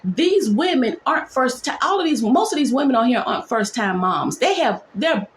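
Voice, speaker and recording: A woman nurse telling a dramatic workplace story in a storytime vlog, talking in quick, animated bursts. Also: a little high, echoey room, a little hiss or hum.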